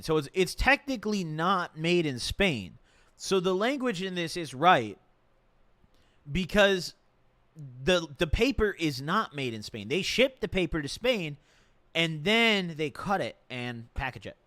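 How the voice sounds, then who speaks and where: A man on a live stream, musing in loose slangy chat and circling back over his own points. His voice sits a little high and swings up and down freely. The sound is dry and close, with no room echo. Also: sing-song, measured pace, a bit bright. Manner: rambling, repeats himself, slangy; reads a legal document aloud and reacts. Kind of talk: casual stream commentary.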